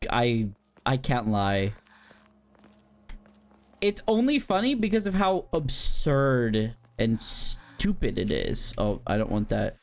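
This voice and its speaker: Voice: mid-range voice, creaky. A streamer chatting casually with viewers while playing a horror game, talking directly to the chat and giggling often.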